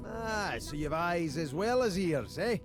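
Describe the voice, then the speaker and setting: An actor playing a gruff, sly and excitable bearded male dwarf sailor in a video game, with salty, drawn-out speech. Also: fairly high pitch, over music.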